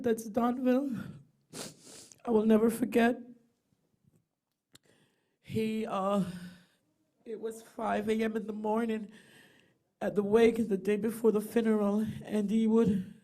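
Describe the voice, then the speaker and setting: A woman's voice: on the high side, warm tone. A middle-aged woman, giving tender, rambling eulogy remarks for her brother over a video call. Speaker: bereaved sister giving a eulogy.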